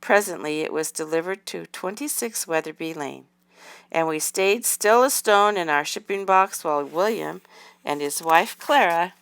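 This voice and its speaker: A woman reading a children's book aloud in a calm, even narration. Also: fairly low pitch, moderate pace, gravelly, smooth, dry recording. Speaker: reader.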